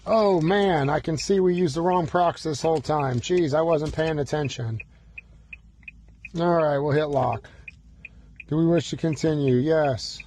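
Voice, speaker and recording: A slightly higher-voiced man walks through programming car keys from the driver's seat, narrating every button press. He breaks into playful, fretful exclamations as if panicking. A faint hiss of noise sits under the recording. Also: unhurried, darkish tone. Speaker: automotive locksmith demonstrating key programming. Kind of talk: hands-on demonstration with mock panic. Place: inside a car.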